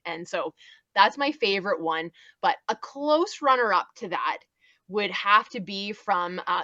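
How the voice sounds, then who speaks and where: Bright-voiced woman chatting on a podcast. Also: no echo, dull audio. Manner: enthusiastic, acts out cartoon lines in higher voices. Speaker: podcast panelist. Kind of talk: casual podcast chat.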